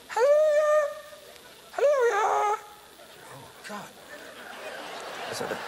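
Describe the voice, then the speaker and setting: A man, an evangelist preacher, telling a testimony in a sermon as an animated storyteller who acts out voices and shouts. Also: on the high side, long reverb tail, slight background noise. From United States.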